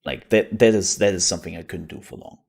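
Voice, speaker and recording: A man's voice: sits low, quick pace, gravelly. A man streaming live, chatting casually and joking often.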